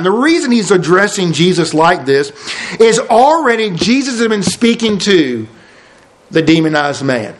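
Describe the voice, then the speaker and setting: A man preaching an expository sermon, emphatic and repeating key phrases for effect. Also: high-pitched.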